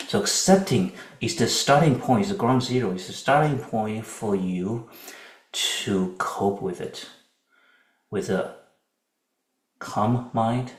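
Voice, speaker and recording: A man giving a Buddhist dharma lecture in a calm, conversational way, often checking in with his listeners. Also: fairly low pitch, roomy sound, rough recording. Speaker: Buddhist teacher.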